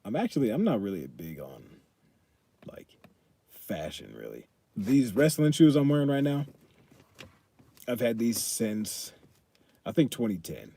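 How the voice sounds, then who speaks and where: Brief: young man, husky and low, relaxed live-stream banter. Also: unhurried, pauses often. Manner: loose and joking, reads chat aloud, swears casually. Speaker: fitness streamer. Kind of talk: casual live-stream chat.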